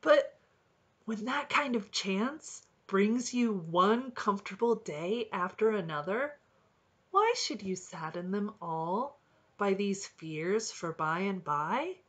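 A woman's voice: mid-range voice, lively intonation, slow, husky, heavily acted. Woman playing a cheery little robin. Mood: cheery, earnest. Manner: bright, eager and encouraging. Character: cheerful young male robin, wise and earnest.

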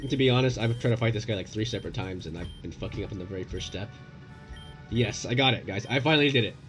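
A young man commentating his own gameplay, excitable and profane, yelling at the game in bursts. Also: fairly low pitch, quick pace. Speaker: gaming YouTuber. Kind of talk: let's play commentary. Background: game music.

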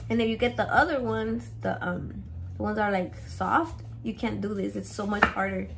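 A woman's voice: medium pitch, steady tone, moderate pace. A young woman filming a casual cooking vlog in her home kitchen. She is playful and swears a lot, and she drops Spanish words into her English. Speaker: home cook vlogger. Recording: clear noise of chopping and clicks.

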